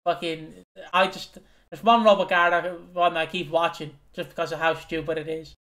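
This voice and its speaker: A young man with an Irish accent chats loosely as a podcast co-host, his voice sitting a touch high for a man. He rambles, swears freely and breaks into giggles between his points. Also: level tone, moderate pace, sharp tone. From Ireland. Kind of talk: casual chat.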